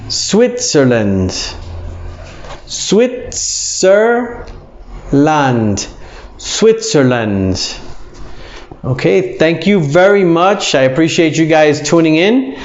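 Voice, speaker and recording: A man teaching English pronunciation to learners, saying each word again and again, slowly and with care. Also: on the high side, lo-fi sound. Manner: repeats words slowly, drawn out for drilling. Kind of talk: pronunciation lesson.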